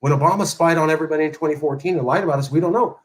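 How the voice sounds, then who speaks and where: A man's voice: fairly high pitch, rapid-fire, poor audio. Sarcastic man hosting a political talk show. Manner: sarcastic, emphatic, mocking quoted voices. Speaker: host.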